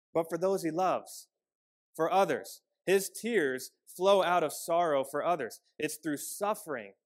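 A male pastor delivering a sermon in an earnest, measured way. His voice sits fairly high for a man, and he often drops to a softer, quieter tone to let key lines land.

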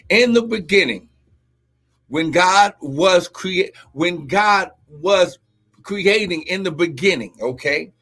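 A man preaching a livestream sermon as pastor, teaching slowly, then shouting, crying out and speaking in tongues. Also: high-pitched, expressive. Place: church livestream with music behind.

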